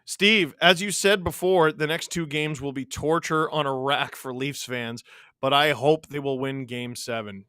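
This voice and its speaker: A man from Canada hosting a live hockey watch-along, mixing excited play-by-play with reading chat messages and shouting on big plays. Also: medium pitch, a little slow, clean tone, no echo, clean studio sound. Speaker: livestream host watching a hockey game.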